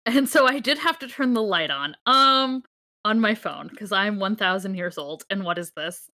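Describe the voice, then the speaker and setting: A woman's voice: medium pitch, animated, normal speed, sharp tone, no room sound, clean studio sound. A woman co-hosting a podcast in casual chat, enthusiastic and rambling, laughing often. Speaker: podcast co-host.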